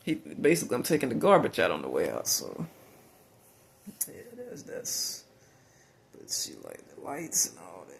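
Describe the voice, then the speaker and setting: A man's voice: medium pitch, wildly swooping pitch, moderate pace, vocal fry, long pauses, slight background noise. A man telling a long rambling story in a casual monologue, swearing freely and filling gaps with "uh" and "like". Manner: rambling, profane, lots of fillers.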